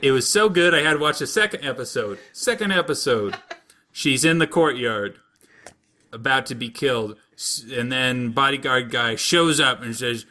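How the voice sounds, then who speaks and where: Man, podcast co-host, casual comedic recap, rambling, bright tone. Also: medium pitch, moderate pace. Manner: rambling, jokey storytelling with silly put-on voices.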